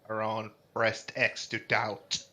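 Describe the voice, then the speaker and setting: A man's voice: lowish voice, completely flat delivery, takes it slowly, pushed and bright. A man running a tabletop game as game master, with a dry, matter-of-fact delivery over a voice call.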